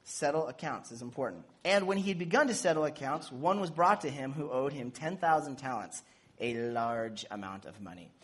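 A man preaching a sermon in a casual, animated way, acting out bits of dialogue and making playful asides. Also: a little high, breathy edge. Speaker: pastor.

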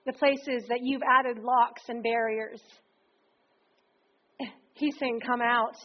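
High-voiced woman preaching a lively sermon. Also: slow pace. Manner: conversational, energetic, slips into acted quotes. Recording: dull lo-fi recording.

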